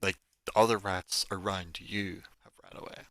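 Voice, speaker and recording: A man's voice: low voice, flat delivery, moderate pace, bright, forceful tone, no room sound. A man running a tabletop game as game master, narrating the action casually and peppering it with "like". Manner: casual, filler-heavy narration with frequent "like".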